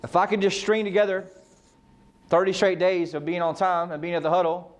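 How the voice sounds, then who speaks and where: Male real estate coach, a bit high in pitch, casual motivational speaker who peppers the room with rhetorical questions and swears. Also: fairly even intonation, a little fast. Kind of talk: motivational team meeting talk.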